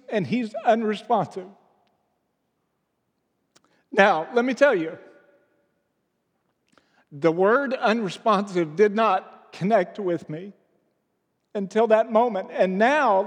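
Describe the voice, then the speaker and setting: Pastor guy in his 30s, emotional and halting, kinda high voice, big echoey church. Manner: emotional, halting, many restarts and fillers. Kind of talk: sermon. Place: church sanctuary. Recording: long reverb of a church hall.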